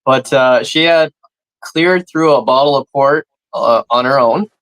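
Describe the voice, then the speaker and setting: A man's voice: medium pitch, measured pace, fairly bright tone, no room sound, low-quality recording. A man on a comedy podcast, telling stories in a laid-back way with casual swearing. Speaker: podcast co-host.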